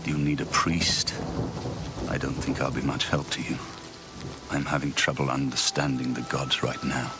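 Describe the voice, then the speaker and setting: An actor playing a weary, doubting young priest in a video game, speaking with a quiet, gritty, trembling voice. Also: male voice, very deep voice, flat delivery, normal speed. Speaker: game character.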